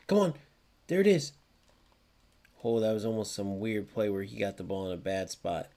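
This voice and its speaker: Excitable young man streaming football game. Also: lowish voice, moderate pace. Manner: excitable, swears often, reacts loudly to plays; chats with live viewers by name. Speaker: gaming streamer. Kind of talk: live gameplay commentary.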